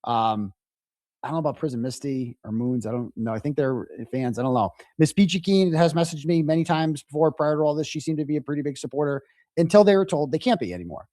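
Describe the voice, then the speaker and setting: A man hosting a live reaction stream, retelling messages in an indignant, animated way. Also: fairly high pitch, fast, no room sound, clean studio sound. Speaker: livestream host.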